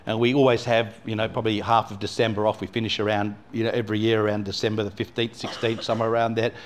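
A man's voice: fairly low pitch, flat delivery, fast talker, slight background noise. Man telling a rambling church story. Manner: rambling, lots of "you know" and restarts. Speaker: pastor. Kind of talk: storytelling sermon.

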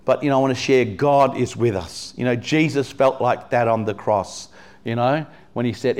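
A man's voice: medium pitch, normal speed, a little mellow, smooth. A man from England preaching a sermon to a congregation in a church, talking casually with lots of "you know" and questions to the people in front of him. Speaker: pastor.

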